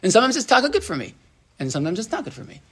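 Chatty rabbi teaching a class. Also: male voice, sits high, huge pitch swings, racing, fairly bright tone, husky. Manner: chatty, asks the room "right?", lots of restarts and "like"; mixes Hebrew terms into English. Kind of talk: conversational Torah class.

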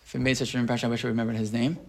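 A man's voice: mid-range voice, level tone, racing, gravelly, a little mellow. Rambling man teaching a casual text class. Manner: rambling, many restarts and tag questions. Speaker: Torah teacher.

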